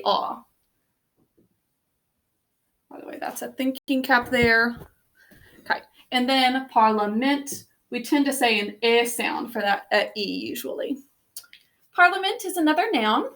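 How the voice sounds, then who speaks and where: A woman teaching spelling, walking her students through each word sound by sound. She talks slowly and patiently, with a slightly high voice. She stops to spell words out letter by letter. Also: a bit bright. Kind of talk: spelling lesson.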